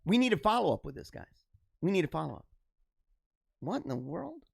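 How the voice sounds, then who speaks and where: Young male host, lively casual reaction commentary; swoops up and down in pitch, laughs a lot, repeats himself. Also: a little fast, creaky, slightly rough.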